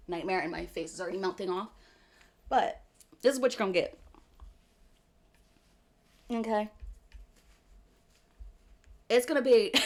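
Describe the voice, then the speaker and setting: A chatty woman with a Philadelphia-area accent talks casually with her stream viewers. Her voice is animated and her pitch sits in the middle of the range. She laughs often and keeps tossing in "okay.". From US East Coast, outside Philadelphia.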